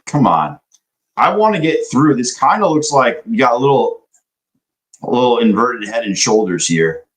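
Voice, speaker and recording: A man's voice: mid-range voice, big pitch swings, moderate pace, rough recording. A young man day trading live, chatting loosely with his stream viewers and swearing now and then. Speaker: livestream day trader. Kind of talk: casual live-stream chat.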